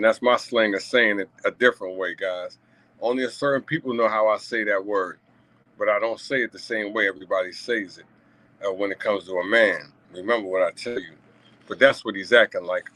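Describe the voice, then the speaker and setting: A man's voice: lowish voice, fairly even intonation, fairly quick, sharp tone, no echo, poor audio. A man talking to his viewers in a casual commentary monologue, emphatic and repetitive, checking in with asides and chuckling between points. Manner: emphatic and repetitive, frequent "you know what I'm saying" asides. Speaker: vlogger commenting on a news story.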